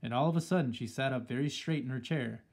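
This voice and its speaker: Husky-voiced man reading a storybook. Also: medium pitch, fast. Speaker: audiobook reader. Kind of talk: storybook narration.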